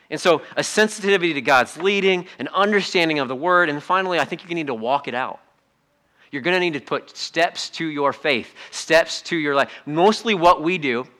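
A middle-aged man preaching a sermon in a church, conversational and animated, acting out little asides in other voices. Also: on the high side, normal speed. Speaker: pastor. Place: church sanctuary.

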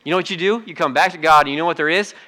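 In a church sanctuary, a pastor in middle age speaks to the room with a bright, forceful, somewhat high-pitched voice. His preaching feels conversational and lively, and he dips into quick little acted-out moments.

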